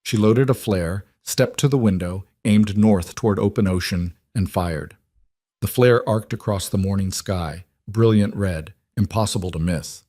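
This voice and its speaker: A man narrating a dramatic story in steady, scripted storytelling. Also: lowish voice, measured pace, dry recording, studio quality.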